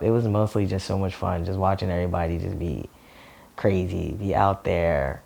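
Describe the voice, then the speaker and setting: A young man speaking in a fairly low voice, chatting loosely about his life in an interview. He leans on filler words and laughs easily, keeping a relaxed, conversational flow. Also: moderate pace, vocal fry. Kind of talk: casual personal storytelling.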